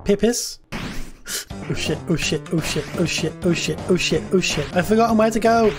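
A woman's voice: fairly low pitch, normal speed, over music. A woman streamer giving casual, crude, jokey let's-play commentary with plenty of swearing.

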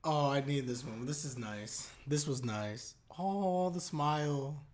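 A man's voice: mid-range voice, slow pace. A man casually reacting to an anime episode, talking to his viewers with exclamations and laughter.

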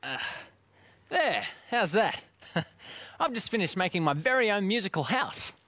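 A woman's voice: medium pitch, big pitch swings, unhurried, fairly bright tone, dry recording. A woman presenting children's TV, bubbly and giggly, breaking into song. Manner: bubbly, giggly, sings along.

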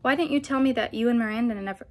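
A woman's voice: on the high side, fast talker, a little mellow, a little hiss or hum, natural voice. Woman voicing a caring teenage boy in a storybook, earnest and soothing.

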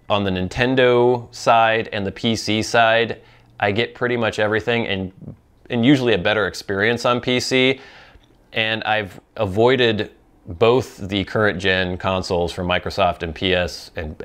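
A man's voice: on the low side, fairly bright tone. A man hosting a pipe-smoking talk show, rambling through viewer questions in casual chat, with frequent ums and restarts.

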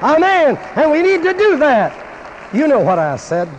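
An evangelist preacher with a very high-pitched, wildly swooping voice gives a fervent, exclamatory sermon at normal speed to a gathering of preachers, sometimes switching into French. It's a dull lo-fi archive recording from a reverberant large church or conference hall, with slight background noise.

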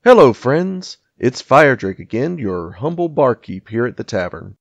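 A man's voice: mid-range voice, very animated, measured pace, gravelly, no echo. A man as channel host in a barkeep persona, reading a scripted outro in a friendly announcer manner. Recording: dull lo-fi home mic.

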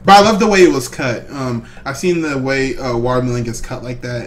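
A young man hosting a casual reaction video, jokey and animated, laughing often and calling the viewer bro. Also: a little high, slight background noise.

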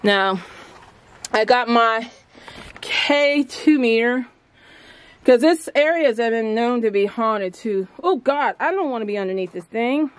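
A woman vlogging outdoors at an old stone landmark, chatting excitedly to her viewers on a handheld phone camera. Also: on the high side, a little slow. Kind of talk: casual vlog narration. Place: outdoors at a historic stone furnace.

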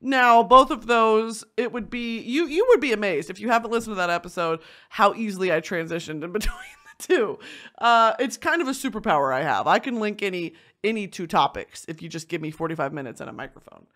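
Young adult female podcast host, lively pitch, loud crude comic delivery. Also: a little fast. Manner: loud, crude and animated, with bursts of shouting and laughter. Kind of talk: casual comedic podcast rant.

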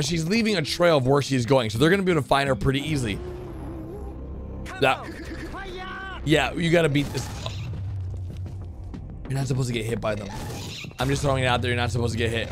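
A man hosting a reaction video, excitedly commenting and cheering characters on with loud exclamations. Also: mid-range voice. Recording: music playing under the voice.

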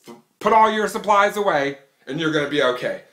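A brash, mocking male vlogger with a high, sharp and bright voice. He rants straight to the camera, laughing at his own jokes. The sound bounces around an echoey room. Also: expressive, brisk. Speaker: vlog host. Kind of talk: comic opinion rant to camera.

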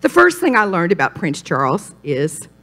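An older woman preaching a sermon at a women's retreat, animated and folksy, jumping up in pitch for emphasis. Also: moderate pace. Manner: animated, folksy storytelling with sudden rises in pitch.

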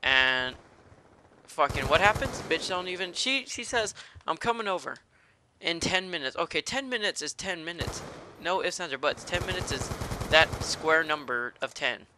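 A man's voice: fairly high pitch, expressive, normal speed, background noise. A man doing live gameplay commentary, ranting and cursing in a fired-up rage. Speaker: gaming commentator.

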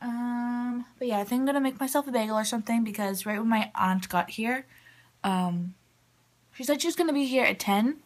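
A woman's voice: a little high, fairly quick. Chatty young woman vlogging. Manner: chatty, rambling, lots of "like" and "um". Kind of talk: casual vlog chat.

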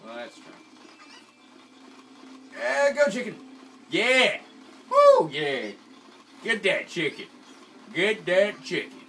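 A man casually commentating a video game he is playing, often excitable and given to sudden shouts. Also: sits high, slow, vocal fry, pauses often, slight background noise. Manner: excitable, swings from mumbling to yelling. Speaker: let's play commentator. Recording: distant mic with loud game music.

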